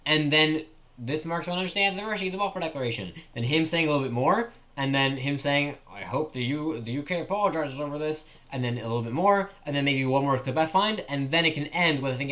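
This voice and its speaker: A man's voice: a little high, bright, forceful tone. A young man streaming live, thinking aloud in casual chat with lots of "like" fillers.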